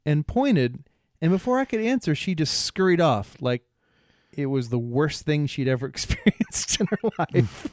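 A man co-hosting a podcast, telling a rambling story in casual chat, halting often, laughing, and imitating bystanders' voices. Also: on the high side, lively intonation, darkish tone, dry recording, clean studio sound. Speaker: podcast co-host.

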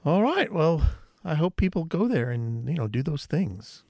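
A man co-hosts a podcast, teasing his partner in casual chat. His gravelly voice jumps widely in pitch. It is recorded close and dry, with no room sound. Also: big pitch swings, moderate pace, darkish tone, no echo. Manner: playful, teasing. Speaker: podcast co-host.

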